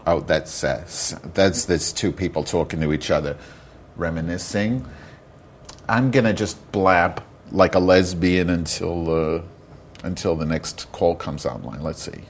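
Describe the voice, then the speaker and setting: A man's voice: deep voice, unhurried, slight background noise. A man hosting a casual solo podcast, rambling and ranting with frequent swearing. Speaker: podcast host.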